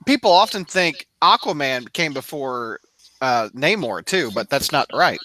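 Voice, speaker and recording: A man co-hosting a casual podcast, chiming in often with quick remarks and laughter. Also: medium pitch, very animated, pushed and bright, no room sound, poor audio. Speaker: podcast co-host.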